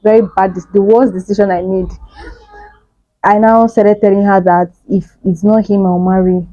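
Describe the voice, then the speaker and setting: A young Nigerian woman vlogger telling a personal story in an animated way, laughing often. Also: medium pitch, normal speed, dry recording, highs cut off. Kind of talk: storytime vlog.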